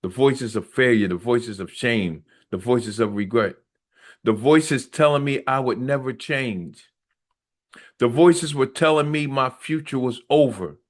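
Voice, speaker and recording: A man's voice: medium pitch, a little slow. A middle-aged man reads his own memoir aloud and breaks off to preach on it. He speaks with earnest, repetitive, preacher-like emphasis. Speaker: author reading his memoir.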